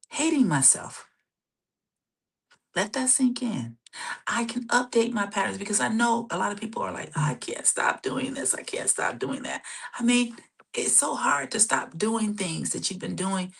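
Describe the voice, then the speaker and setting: A woman hosting a live self-help session, guiding breathing and often checking in with "okay?", sometimes dropping to a soft whisper for affirmations. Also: medium pitch, creaky. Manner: casual, warm-toned coaching, keeps checking in with "okay?". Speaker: therapist and show host.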